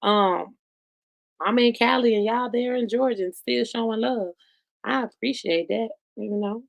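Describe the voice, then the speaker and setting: A woman hosts a podcast live, talking slowly in a gravelly, rough-edged voice. She chats loosely and directly to her viewers, with plenty of casual asides. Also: fairly high pitch. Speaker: podcast host. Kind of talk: casual live-stream chat.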